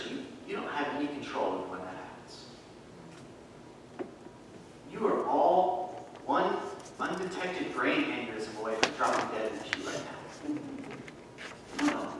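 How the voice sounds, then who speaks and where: A man's voice: medium pitch, very animated, a little slow, pauses often, noisy background. A man preaching a sermon as associate pastor, emphatic and repeating key phrases for effect. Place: church sanctuary. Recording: echoey church hall, mic far off.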